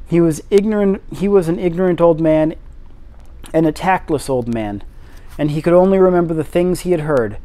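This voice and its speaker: A man reading a classic novel aloud, steady with occasional slips. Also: fairly high pitch, normal speed. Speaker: reader.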